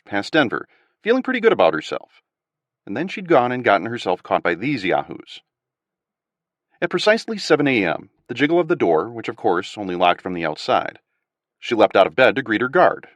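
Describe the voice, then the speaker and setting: Expressive male audiobook narrator. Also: medium pitch, dry recording. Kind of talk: scripted narration.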